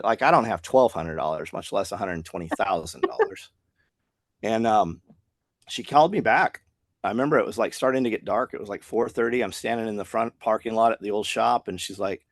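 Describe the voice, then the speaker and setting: A podcast guest from Tennessee, a business owner, tells a long story in a lowish voice at a slightly quick pace, acting out the lines of the people involved. The interview is casual, and the sound is clean studio audio with no echo.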